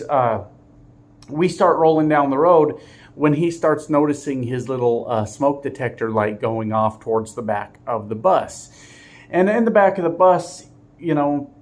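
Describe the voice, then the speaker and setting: Middle-aged man telling a road story. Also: medium pitch. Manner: animated storytelling, chuckles, talks to viewers. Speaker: truck driver vlogger. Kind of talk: casual storytelling vlog.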